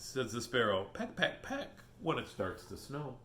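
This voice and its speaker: A man's voice: mid-range voice, big pitch swings, unhurried, a bit bright, roomy sound, a little hiss or hum. A man reading a children's picture book aloud on video, joking between pages and doing silly animal voices.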